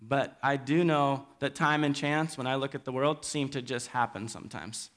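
A man preaching a sermon to his church, speaking in an earnest, halting way and pleading gently with his listeners. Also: mid-range voice. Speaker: pastor. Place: church hall.

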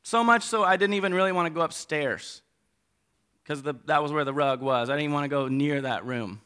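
A middle-aged man preaching a sermon, animated, swinging between loud emphasis and quiet asides. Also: a little high, fairly quick, clean tone.

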